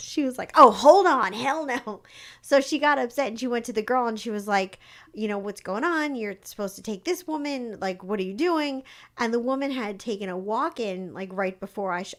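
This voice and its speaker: Chatty woman telling a story. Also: mid-range voice. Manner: chatty, rambling, lots of "like" and restarts; acts out quoted lines in her stories. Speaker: psychic livestream host. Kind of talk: casual live-stream chat and storytelling.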